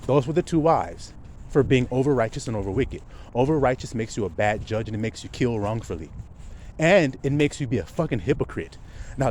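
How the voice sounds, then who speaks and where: A man preaching informally, firing rhetorical questions and swinging from a low mutter to loud, emphatic outbursts, now and then swearing. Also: slight background noise.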